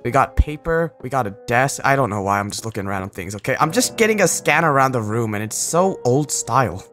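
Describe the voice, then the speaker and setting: Rambly gamer talking over a game, jumpy lively pitch, faint music behind. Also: a little fast. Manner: rambling, excitable, swings between loud and mumbled asides. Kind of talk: casual let's play commentary.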